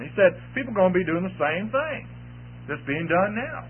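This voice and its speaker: Husky-voiced man preaching, tinny recording. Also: high voice, sing-song, moderate pace. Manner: repetitive, emphatic preaching with restarts. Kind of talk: sermon. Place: church. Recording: tinny phone-like band, lo-fi.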